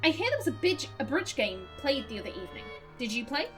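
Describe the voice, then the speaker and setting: Rich: A polite, inquisitive young Irish investigator from a game, read aloud by a woman. His voice sits fairly high, and soft violin music plays behind him. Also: sing-song, fast. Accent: put-on Irish.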